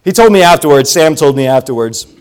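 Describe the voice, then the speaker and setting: A preacher with a somewhat high voice delivers a sermon. He tells a personal story with lively energy and swings from booming calls to quiet, confiding asides. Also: fast talker, clean tone. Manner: animated storytelling, swings between loud calls and hushed asides.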